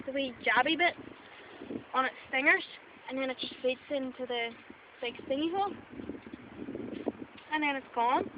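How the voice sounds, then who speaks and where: High-voiced Northern Irish woman, rambling. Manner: rambling, playful, lots of "wee" and "right?". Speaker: mock expert. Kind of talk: improvised mock documentary. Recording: dull lo-fi camera audio with loud background noise.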